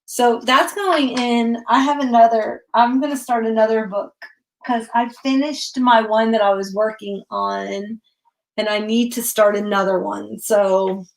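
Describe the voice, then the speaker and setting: A woman's voice: medium pitch, fairly even intonation, a little slow, vocal fry, a little mellow. A middle-aged woman from Connecticut chatting casually and rambling through memories while she works on a craft journal during a livestream. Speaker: craft vlogger.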